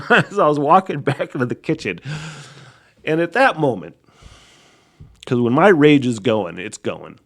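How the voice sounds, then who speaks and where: A man hosting a solo podcast, telling stories in a rambling, heavily profane way, laughing often and swinging from loud outbursts to quiet mutters. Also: mid-range voice, lively intonation, unhurried, pauses often. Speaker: podcast host. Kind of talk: casual solo podcast monologue.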